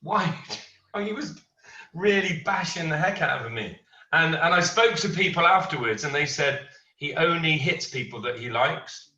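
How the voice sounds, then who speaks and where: A man's voice: on the high side, normal speed, a little hiss or hum. A middle-aged man teaching a martial arts class, telling an anecdote and acting out what others said. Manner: storytelling, animated quoting of others. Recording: roomy, distant, dull lo-fi.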